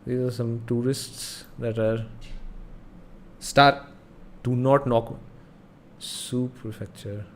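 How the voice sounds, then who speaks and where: A man's voice: medium pitch, fairly even intonation, slow, long pauses, a little hiss or hum. A man hosting a casual gaming livestream, thinking aloud and muttering as he reads signs under his breath. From India. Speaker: livestream host.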